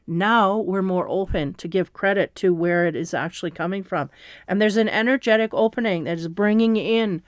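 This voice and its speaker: A woman giving a spiritual tarot reading in a slow, meandering, reassuring way, with fillers and soft laughs. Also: mid-range voice, dry recording, clean studio sound. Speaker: tarot reader.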